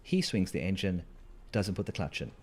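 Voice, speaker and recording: A man's voice: deep voice, big pitch swings, moderate pace. A man telling a wry, rambling story to his stream, with asides to the listeners. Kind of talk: casual storytelling while gaming.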